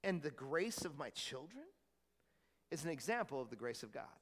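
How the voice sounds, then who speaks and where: A pastor preaching a sermon in a church, talking conversationally and asking the congregation questions. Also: male voice, mid-range voice, sing-song, moderate pace, a bit bright, in a large hall. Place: church hall.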